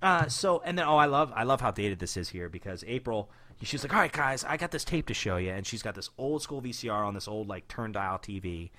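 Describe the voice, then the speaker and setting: A man co-hosting a casual chat, animated, laughing often and slipping into silly character voices. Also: lowish voice, brisk, hardly any pauses. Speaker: podcast co-host recapping a cartoon.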